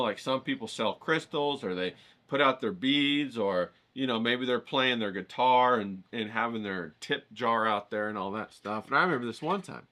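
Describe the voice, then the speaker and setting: A man telling a casual, rambling story, animated and acting out the voices of the people in it. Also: mid-range voice. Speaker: painting vlogger.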